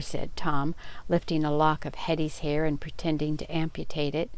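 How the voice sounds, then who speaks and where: An older woman reads a storybook aloud, her low, gravelly voice close and dry on the mic. She slips into lively voices for each child in the story, carrying the scene along at a steady storytelling pace. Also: normal speed, dry recording. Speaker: grandmother reading aloud.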